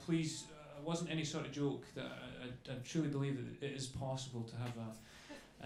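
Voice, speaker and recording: On a club stage, a man performs stand-up in a medium-pitched, slightly bright voice, rambling chattily and tagging lines with "okay?" and "you know." The room is echoey with faint noise.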